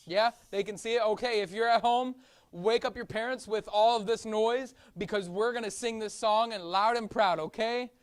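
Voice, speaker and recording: A woman teaching a children's Sunday school class, coaxing the kids, singing and shouting along with them in a church classroom. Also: a little high, normal speed. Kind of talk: leading kids in song and chat.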